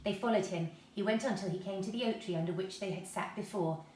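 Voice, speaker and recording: A woman reading a children's story aloud, lively and expressive. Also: mid-range voice, fast talker, slight background noise. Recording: echoey room, mic at a distance.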